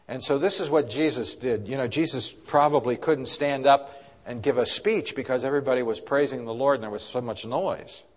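Man preaching in a reverberant church hall. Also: medium pitch. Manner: preaching with rises and drops in loudness, asking the congregation questions. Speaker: pastor. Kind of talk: sermon.

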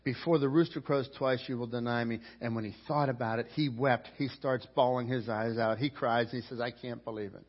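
A man preaching a sermon as pastor, animated, acting out quotes and asides. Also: medium pitch, a little fast, hardly any pauses. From Pittsburgh. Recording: dull recording in a reverberant hall.

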